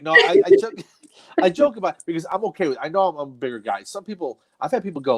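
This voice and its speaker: A man's voice: a little high, very animated, quick pace, a bit bright, slightly rough. A middle-aged man, a comedian, telling a long story in casual chat, mocking himself and laughing as he goes. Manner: self-deprecating, laughs through his stories. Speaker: comedian guest.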